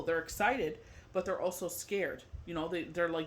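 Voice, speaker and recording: A man with a notably high voice talks through a tarot forecast in a loose, rambling way. He leans constantly on "you know" and drifts between off-the-cuff chat and read-out card meanings, with a faint hiss of background noise underneath. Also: a little fast, fairly bright tone. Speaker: tarot reader. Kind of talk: casual tarot forecast reading.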